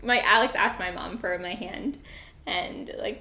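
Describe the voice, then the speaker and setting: A woman's voice: lowish voice, unhurried, bright, forceful tone, slight background noise. A young woman vlogger chatting casually and giggling, with lots of "like" fillers. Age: young adult. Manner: bubbly and giggly, many "like" fillers. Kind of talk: casual chat. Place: indoors, sitting down. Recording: echoey room.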